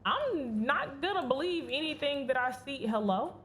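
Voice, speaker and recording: A woman's voice: high-pitched, very animated, moderate pace, a bit bright, slight background noise. A woman streamer giving chatty, giggly commentary while playing a video game and talking back to its characters. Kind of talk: casual gameplay commentary. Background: faint game music.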